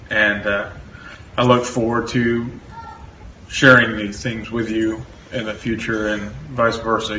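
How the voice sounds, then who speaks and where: A man giving a steady, sincere farewell to a friend, thanking him for his loyalty. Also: fairly low pitch. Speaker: church member. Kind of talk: farewell message. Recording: echoey, distant, faint noise.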